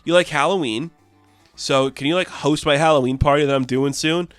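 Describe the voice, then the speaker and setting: A man voicing a hyper, gushing young woman antihero from a comic, talking in a rushed, raised voice. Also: no room sound, soft background music, close to an everyday voice. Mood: excited. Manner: excitable, rushed, raised pitch.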